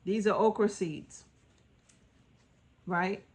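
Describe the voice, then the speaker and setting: A woman's voice: medium pitch, fairly even intonation, very slow. A woman homestead vlogger giving casual, earnest advice to her viewers, repeating her points and checking in with "right?". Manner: informal, folksy speech.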